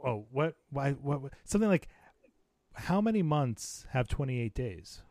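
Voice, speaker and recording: Man hosting a podcast, animated voice, jokey and quick to laugh, dry close sound. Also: medium pitch, no echo. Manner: jokey, laughs often, lively banter. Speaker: podcast host; teacher. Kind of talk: casual podcast chat.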